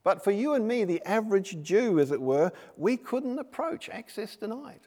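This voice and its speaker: A man's voice: sits high, sing-song, moderate pace, dark tone. A man preaching a sermon in a church, conversational and full of rhetorical questions and personal stories. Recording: long reverb of a large hall.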